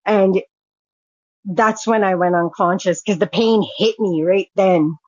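A woman's voice: mid-range voice, steady tone, a little slow, slightly rough, no echo. A woman recounting a personal story as a guest, speaking frankly and swearing freely. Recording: dull, dry lo-fi sound.

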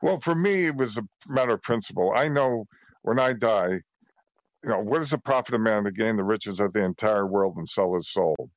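A man talking fast and emphatically as a guest, piling on example after example. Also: on the low side, lively intonation, no room sound, highs cut off. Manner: rushed, emphatic, piles on examples. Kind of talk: fast conversational testimony.

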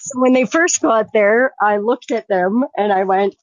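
A woman's voice: mid-range voice, a little slow, dry recording. A woman recounting a personal story as a guest, speaking frankly and swearing freely. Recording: dull, dry lo-fi sound.

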